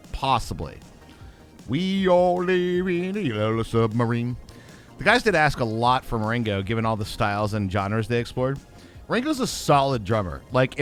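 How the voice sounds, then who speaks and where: A man talks casually while gaming on a livestream, rambling from one aside to the next. His pitch swings up and down in a lively way. Faint music plays behind him. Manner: animated, rambling, jokey asides. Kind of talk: casual chat while playing.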